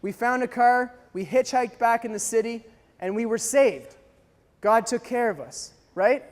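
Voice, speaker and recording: High-voiced animated Canadian man storyteller. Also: a little slow, big-room sound. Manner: animated storyteller, acting out shouts and dialogue. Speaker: speaker telling a mission story. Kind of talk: storytelling talk to a live audience.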